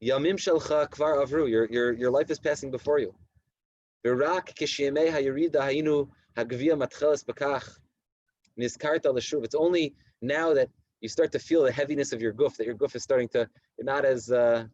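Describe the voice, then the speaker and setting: Rabbi in his thirties leading a night study session, mid-pitched voice, repeats himself while explaining texts. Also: no echo, lo-fi sound. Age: 30s. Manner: reads Hebrew texts slowly then explains them in animated English with many repetitions. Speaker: rabbi giving a Torah class. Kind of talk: Torah lecture to a community. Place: community study hall at night.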